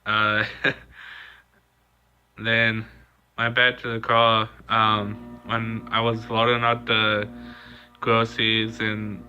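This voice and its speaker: A young man vlogging a personal story in a casual, halting way, with lots of pauses and fillers. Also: fairly low pitch, monotone, sharp tone, smooth. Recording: dull lo-fi recording.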